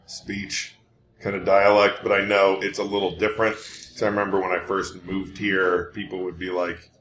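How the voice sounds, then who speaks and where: A man's voice: low voice, flat delivery, moderate pace, a bit bright, echoey room, a little hiss or hum. A man chatting casually as a podcast guest, hesitant and brief in his answers. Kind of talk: casual chat.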